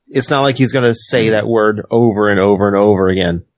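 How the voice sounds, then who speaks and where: A man co-hosting a casual wrestling podcast, measured and a little hesitant. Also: on the low side, dry recording. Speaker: podcast co-host. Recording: dull dry lo-fi sound.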